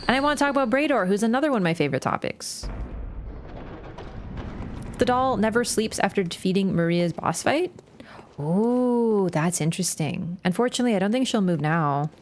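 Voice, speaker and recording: A woman's voice: mid-range voice, expressive, moderate pace, slight background noise. A woman streaming a game live, chatting casually, swearing freely and often bursting into laughter. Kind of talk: casual live-stream commentary while playing.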